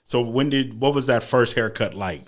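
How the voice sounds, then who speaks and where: A man hosting a podcast, asking relaxed, rambling questions and affirming his guest often. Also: mid-range voice, normal speed. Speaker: podcast host. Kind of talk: casual interview.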